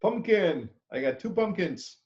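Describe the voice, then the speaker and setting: A man's voice: high-pitched, very animated, unhurried, a little mellow, dull audio. A man teaching a cooking class, who talks in a chatty way and keeps checking in with "okay?". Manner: chatty, tags sentences with "okay?". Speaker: culinary instructor. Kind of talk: classroom lecture.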